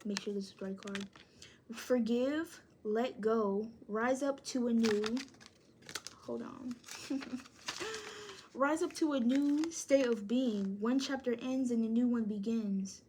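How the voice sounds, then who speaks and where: A woman's voice: on the high side, slow, warm tone, a little hiss or hum. A woman reading tarot to camera, encouraging and speaking straight to the viewer, thinking aloud as she pulls cards. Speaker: tarot reader.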